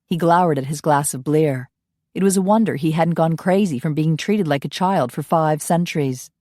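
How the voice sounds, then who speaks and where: Woman reading an audiobook, low voice, dry close sound. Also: normal speed, dark tone, no room sound. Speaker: audiobook narrator. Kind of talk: scripted narration.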